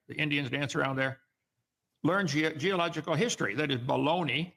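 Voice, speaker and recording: A man with a gravelly, fairly high voice lectures and argues like a call-in host. He speaks emphatically and turns mocking as he presses each point. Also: fairly quick, a bit bright. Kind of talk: argumentative call-in commentary.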